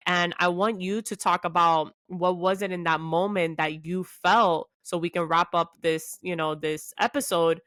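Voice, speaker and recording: Chatty woman, lowish voice. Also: dry recording. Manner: animated storytelling, says "like" a lot. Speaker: podcast co-host. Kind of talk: casual chat.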